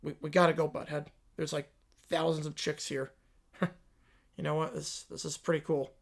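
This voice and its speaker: A man's voice: a little high, flat delivery, vocal fry, voice pushed down. A man voicing a dim-witted cartoon teenage boy who snickers and drawls dopily. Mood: dopey. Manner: slow, snickering, dopey.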